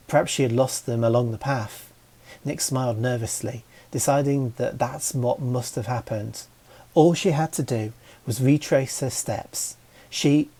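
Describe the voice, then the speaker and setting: Slow, mellow male storybook reader. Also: mid-range voice. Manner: slow, even reading. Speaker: audiobook reader. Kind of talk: storybook narration.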